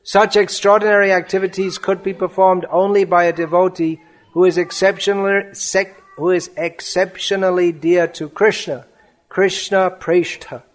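A man giving a spiritual lecture, reading a devotional offering aloud in an earnest, measured way. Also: high-pitched, little pitch movement.

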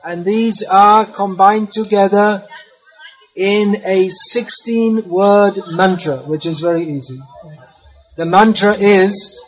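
Brief: male devotional teacher, high pitch, unhurried, inviting call-and-response delivery. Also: steady tone, fairly bright tone, low-quality recording. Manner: patient, inviting, repeats words for a crowd. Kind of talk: street talk on spiritual philosophy, leading a chant.

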